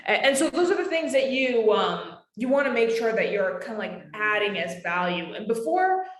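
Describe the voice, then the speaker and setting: A woman's voice: mid-range voice, big pitch swings, normal speed. A young adult woman presenting a live webinar in a casual, emphatic way, often calling her listeners guys. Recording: roomy echo.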